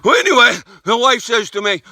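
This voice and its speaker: A crude old backwoods codger, as a man puts him on, spinning a rambling comic yarn. His voice sits very high and sharply tense. He stumbles and restarts in a folksy drawl. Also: very animated, fairly quick, bright, forceful tone, dry recording, exaggerated voice. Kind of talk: comic monologue in character.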